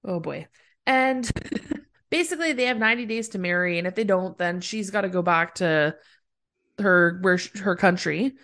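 A woman's voice: lowish voice, moderate pace, a bit bright. A woman co-hosting a podcast, recapping a TV episode in casual chat and laughing often mid-sentence. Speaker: podcast co-host.

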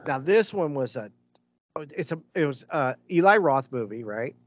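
A man's voice: medium pitch, sing-song, normal speed, dry recording, muffled recording. Rambling man in casual podcast chat. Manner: rambling, restarts, laughs while telling stories. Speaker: podcast co-host.

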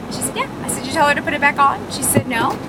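A woman's voice: sits high, lively intonation, quick pace, heavy background noise. A woman flight attendant casually telling a story about her job, chatty and laughing as she goes. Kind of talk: casual anecdote.

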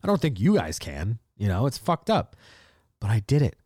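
Husky and on the low side, this man's voice moves at a moderate pace in a clean studio recording with no room sound. He's a late-twenties podcast host spinning stories in a loose, foul-mouthed monologue, animatedly performing the people he quotes.

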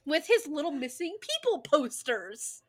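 A woman in casual reaction commentary, picking apart a film with sarcastic asides and plenty of swearing. Her voice sits on the higher side and jumps around with animated expression. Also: unhurried.

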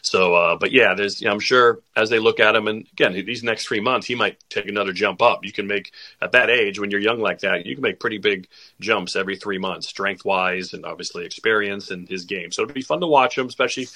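Man, podcast guest, bright forceful voice, lowish, rambling with fillers. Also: brisk. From Boston area family. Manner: rambling, lots of fillers and restarts. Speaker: guest sports broadcaster. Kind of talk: casual podcast interview.

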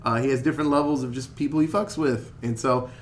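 A man hosting a casual podcast chat, recapping a film in an animated way, swearing and acting out the characters' lines. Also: medium pitch, fast, slight background noise.

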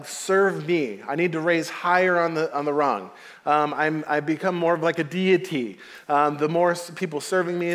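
A man preaching a sermon with a fairly high voice and an easygoing, storytelling delivery that often breaks into laughter. His voice rings out with a long hall reverb, as if he is speaking in a large hall. He talks to the congregation like a friend sharing stories. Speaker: pastor.

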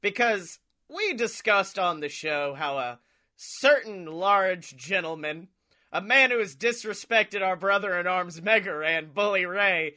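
A man co-hosting a casual podcast, talking in a high, ringing voice. He is animated, laughs often and acts out what other people said. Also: unhurried. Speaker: podcast co-host. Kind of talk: casual chat.

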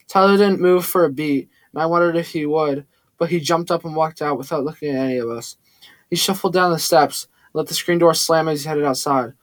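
A man narrating a first-person audiobook in a plain, steady storytelling manner. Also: on the high side, brisk, dry recording.

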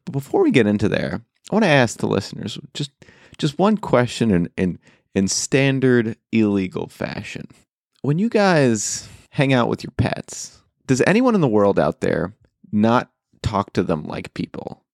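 A man's voice: mid-range voice, sing-song, unhurried, creaky, dry recording, studio quality. A man co-hosting a casual gaming podcast, playful and joking as he runs through the lineup. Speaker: podcast co-host. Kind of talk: casual chat.

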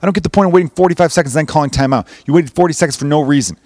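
Fast-talking profane man rambling on a podcast. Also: on the high side, darkish tone, dry recording, studio quality. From Chicago. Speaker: podcast host. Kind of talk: casual comedic monologue.

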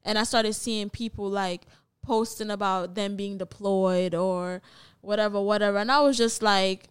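A woman's voice: mid-range voice, fairly even intonation, normal speed, clear, resonant tone. A young woman co-hosting a podcast, talking bluntly and emphatically in casual chat, swearing freely. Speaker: podcast co-host.

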